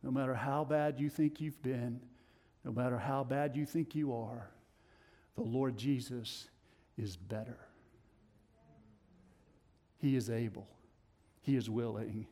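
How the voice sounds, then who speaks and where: A middle-aged man with a Tennessee accent preaches slowly and with frequent pauses, switching between loud declarations and hushed, low sections.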